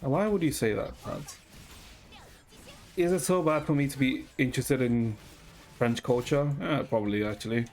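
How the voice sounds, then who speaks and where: A chatty male streamer talks casually through a gaming session in a mid-pitched voice, answering his chat as he plays. Quiet music runs underneath him. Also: normal speed, long pauses. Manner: chatty, reacts to chat while playing.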